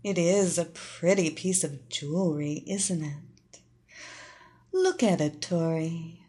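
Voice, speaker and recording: A woman voicing a seductive female hypnotist who speaks slowly in a sultry, soothing way. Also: lowish voice, animated, warm tone.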